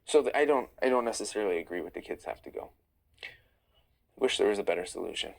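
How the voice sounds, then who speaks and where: A man's voice: on the low side, animated, fast talker, vocal fry, rough recording. A tired man hosting a casual livestream, reading viewer questions aloud and answering them. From Iranian-American. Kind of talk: casual live chat. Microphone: phone livestream.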